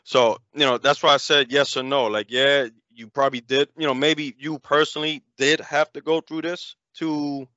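A man's voice: a little high, little pitch movement, moderate pace, few pauses, pushed and bright, no room sound, lo-fi sound. A man in a casual conversation, musing in a rambling, reflective way and often saying "you know".

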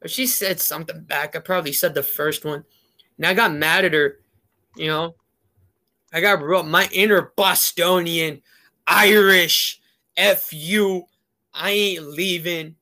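A man's voice: fairly high pitch, steady tone, a little slow, pushed and bright. A man telling a rambling story in a casual chat, heavy on fillers.

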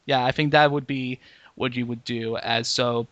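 A man's voice: medium pitch, steady tone, moderate pace, fairly bright tone, dry recording, muffled recording. A man hosting a podcast in casual chat, rambling along with frequent "like" and restarts. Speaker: podcast host.

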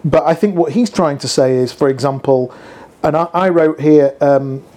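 A man co-hosting a casual chat about sales, talking quickly with asides and acted-out phone calls. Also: a little high, warm tone. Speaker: podcast co-host.

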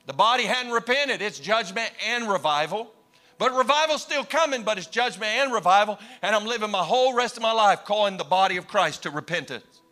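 A man preaching a storytelling sermon, swinging from loud exclamations to hushed retelling and acting out the voices in his story. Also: sits high, expressive, brisk. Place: church.

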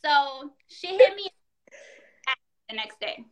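A woman in casual chat, telling a story in an animated, profane way and acting out the quotes. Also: high-pitched, takes it slowly.

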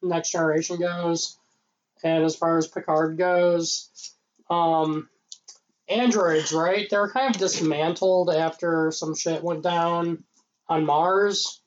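A man's voice: on the high side, fairly even intonation, slow pace, highs cut off, a little hiss or hum. A man co-hosting a casual podcast, making dry, laid-back remarks and swearing now and then. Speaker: podcast co-host.

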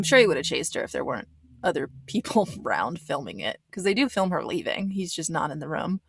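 A woman's voice: on the low side, very animated, a little fast, fairly bright tone, slightly rough, no room sound. A woman giving a casual recap commentary of a reality show, blunt and swearing, with lots of fillers. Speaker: reaction commentator.

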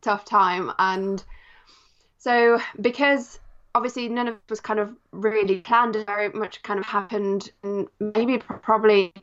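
A woman from Poland, Polish her first tongue, now speaking with a settled English accent. She is a guest on a podcast, talking thoughtfully with soft fillers as she remembers. Her voice sits mid-range and the recording sounds a touch muffled. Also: medium pitch, steady tone, unhurried. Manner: reflective, with frequent "kind of" and "um". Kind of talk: podcast interview.

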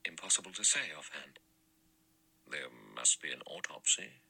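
A man voices a dry, cautious doctor, deep and husky with a bright edge, measured in every word. A storybook reading. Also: very animated, exaggerated voice, low-quality recording.

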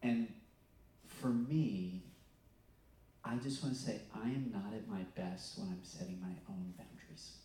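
A man preaching a sermon in a relaxed, talky way, with ums and restarts as he tells stories. His voice sits in a mid pitch and rings out through a very echoey hall. He stands some way back from the mic. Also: unhurried, a little hiss or hum. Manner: conversational, storytelling with self-corrections and fillers. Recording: echoey room, mic at a distance.

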